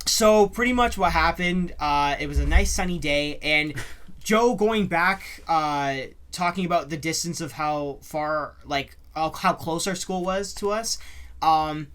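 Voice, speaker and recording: A young man co-hosting a casual podcast, telling animated stories with many fillers and bursts of laughter. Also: on the high side, unhurried, smooth. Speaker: podcast co-host. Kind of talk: casual chat, storytelling.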